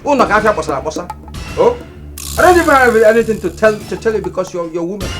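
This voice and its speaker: An actor playing an arrogant, greedy brother-in-law who lectures and mocks, speaking with a Nigerian accent over a film score. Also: male voice, sits high, lively intonation, quick pace, a bit bright, faint music behind. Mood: scornful. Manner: scornful, lecturing, mocking. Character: arrogant greedy middle-aged man seizing land.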